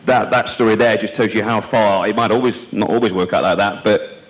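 A man moderates a panel at a conference, summing up the discussion in a measured, reflective way. His voice sits fairly low. He pauses and hesitates now and then as he speaks. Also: steady tone, low-quality recording. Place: conference hall.

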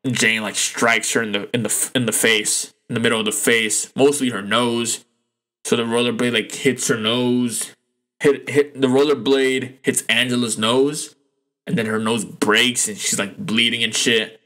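Bright-voiced man rambling casually. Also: on the low side. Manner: rambling, loose and profane, full of fillers and restarts; animated, voice jumping up when indignant. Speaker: podcast host. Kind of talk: casual solo podcast recap.

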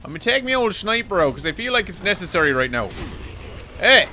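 Irish guy streaming a shooter, high lively voice, yells and swears at the enemies. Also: quick pace, soft background music. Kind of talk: gameplay commentary.

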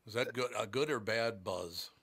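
A man's voice: on the low side, normal speed, heavy background noise. A man hosting a radio show in a casual, joking, rambling way.

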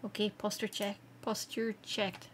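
A Scottish woman streaming live, chatting casually with viewers, excitable and quick to laugh. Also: medium pitch, a little hiss or hum. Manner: excitable and giggly, laughs often. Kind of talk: casual livestream chat.

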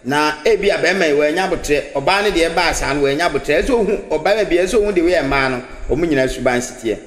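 A Ghanaian man hosting a radio talk show, giving measured, sympathetic comments on a caller's story. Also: on the high side, roomy sound, in a large hall. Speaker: radio host.

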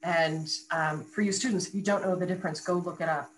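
A woman's voice: on the low side, fairly even intonation, fairly quick, rough recording. Articulate woman explaining voice work. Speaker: voice coach and radio guest. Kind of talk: conversational interview.

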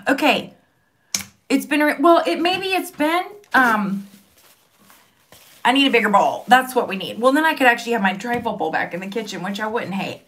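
A woman's voice: a little high, animated, moderate pace, pauses often, fairly bright tone, slight background noise. A young woman, chatting casually and laughing often as she tries makeup products. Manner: giggly, rambling, self-mocking. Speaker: beauty vlogger. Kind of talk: casual chat.

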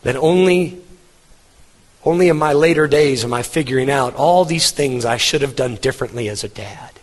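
A man's voice: medium pitch, moderate pace. A middle-aged man preaching a sermon as pastor, earnest and emphatic, repeating his words for weight. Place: church hall. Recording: long hall reverb.

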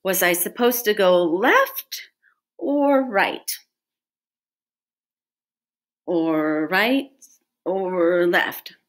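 A woman voicing an eager, naive young male bunny in a children's story, speaking in a raised, bright voice. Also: sits high, big pitch swings, moderate pace, pitched above the performer's own voice. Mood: pondering.

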